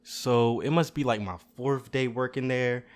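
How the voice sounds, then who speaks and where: A young adult man hosting a show, telling comedic stories in a casual, animated way, swearing freely. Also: mid-range voice, a little slow. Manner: animated, swearing, laughing at his own stories. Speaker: podcast host.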